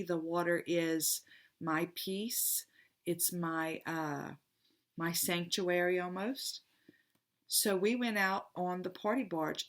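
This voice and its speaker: A woman's voice: lowish voice, a bit bright. A middle-aged woman, a tarot reader telling a personal story in a rambling, heartfelt, emotional way in a casual spiritual vlog.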